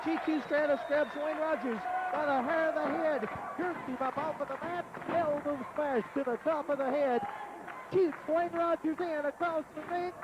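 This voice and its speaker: A man calling a wrestling match play by play in a folksy, excited way. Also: extremely high pitch, normal speed, lo-fi sound, over a noisy crowd, heavy background noise. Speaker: wrestling commentator. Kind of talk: play-by-play commentary.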